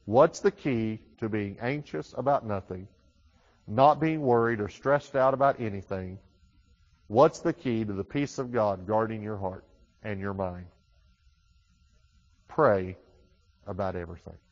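A male pastor delivers a sermon in a conversational way, stumbling and repeating words as he builds his points. He pushes key phrases out loud and slow, then drops to quick, hushed asides. The recording is muffled, with a long reverb from a large hall. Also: medium pitch.

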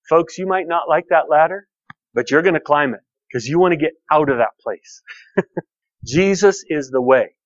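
Male pastor, slightly raised pitch, folksy storytelling sermon, dry close sound. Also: no room sound, dull audio. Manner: folksy, repeats key phrases, tells personal stories. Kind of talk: conversational sermon.

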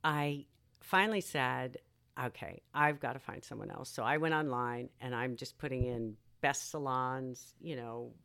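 A woman in her sixties with a notably low voice for a woman. She chats as a podcast guest and tells her story casually, laughing easily along the way. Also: measured pace, vocal fry, fairly bright tone. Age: 60s. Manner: chatty, laughs easily while telling a story. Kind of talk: casual chat.

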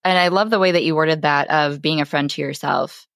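A woman's voice: sits low, fairly even intonation, a little fast, vocal fry, fairly bright tone, no room sound, studio quality. A woman hosting a podcast, affirming and reflecting on her guest's points in conversation. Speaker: podcast host.

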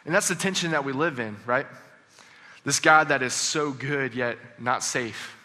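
A man preaching a sermon, telling a story earnestly and dropping to a hush on key lines. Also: mid-range voice, a little slow. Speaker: pastor. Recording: long reverb of a large hall.

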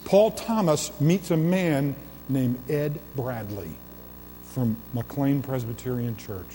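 A man's voice: mid-range voice, slow pace, dark tone, a little hiss or hum. A man preaching a sermon in a church sanctuary, building emphasis through repeated, swelling phrases. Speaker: pastor. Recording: long reverb of a large hall.

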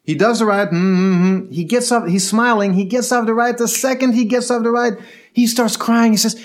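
A man telling a personal story in a casual, animated way, acting out the quoted voices of the people in it. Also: extremely high pitch, moderate pace.

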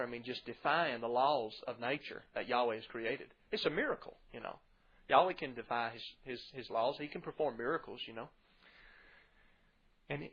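Earnest preaching man, muffled recording. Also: medium pitch. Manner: earnest preaching, swells loud when reading scripture. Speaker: pastor. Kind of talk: sermon with scripture reading.

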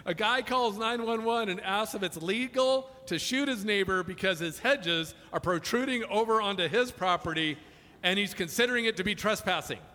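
A man's voice: sits high, moderate pace, bright, forceful tone. A man preaching a sermon, telling funny stories in a chatty way before turning earnest. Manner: chatty, jokey storytelling building to earnest preaching. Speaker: pastor. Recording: long reverb of a large hall.

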